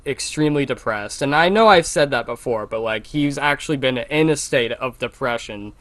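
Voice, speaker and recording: A man's voice: mid-range voice, lively intonation, normal speed, fairly bright tone. A man co-hosting a podcast in casual chat, talking with a Valley Girl inflection. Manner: chatty, self-described Valley Girl inflection. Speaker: podcast co-host.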